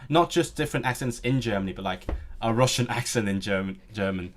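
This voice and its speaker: This late-twenties streamer from Hong Kong teaches languages and reads out viewer comments in a relaxed live-stream chat, answering with jokes. His middle-pitched voice is brisk with lively intonation, and he keeps tripping over repeated words and restarting sentences. A faint hiss or hum sits under the audio.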